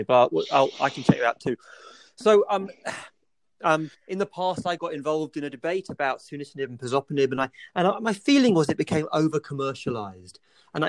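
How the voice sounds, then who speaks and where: A man's voice: on the high side, dry recording. A man hosting an expert discussion, asking long, rambling questions. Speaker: host.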